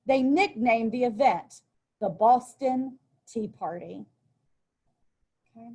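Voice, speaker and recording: A woman's voice: on the high side, slow, warm tone, breathy edge. A woman teacher giving a recorded lesson, reading aloud from a text and then explaining it in a chatty way, with casual asides. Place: at a desk with a workbook.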